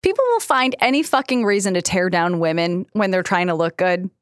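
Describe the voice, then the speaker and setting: A woman's voice: fairly low pitch, animated, brisk, smooth, no room sound, clean studio sound. A woman co-hosting a podcast, chatting casually and frankly, swearing and laughing often. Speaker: podcast co-host. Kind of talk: casual chat.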